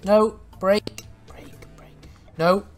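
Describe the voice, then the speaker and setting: A man's voice: high voice, fairly even intonation, drawn-out words, soft background music. Swearing man playing a game. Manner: swears a lot, laughs and yelps in panic. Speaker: gaming YouTuber. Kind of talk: let's play commentary.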